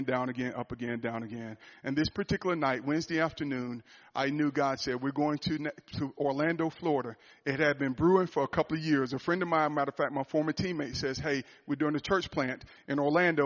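A man preaching a sermon, telling a personal story, swinging from loud, rising fervor to a hushed, quiet confession. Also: fairly high pitch, muffled recording. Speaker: pastor.

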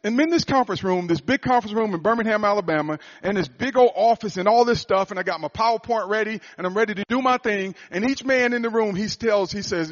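A man with a fairly high voice tells a story from his coaching work in the cadence of a sermon. He speaks earnestly and often circles back, restarting and repeating his phrases as he goes. The recording is muffled and lo-fi, with little clarity at the top end. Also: animated, fast talker. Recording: dull lo-fi recording.

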